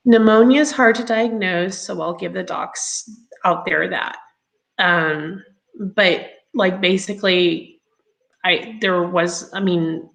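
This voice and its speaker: Woman, interview guest, casual storytelling, halting, filler-heavy, chuckling. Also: lowish voice, fairly bright tone, poor audio. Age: adult. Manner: chatty, halting with many ums, laughs as she tells.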